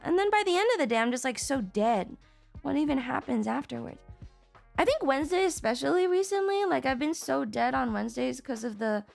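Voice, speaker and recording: A woman's voice: high-pitched, creaky. A woman streamer in casual chat, rambling and swearing freely as she talks to her viewers.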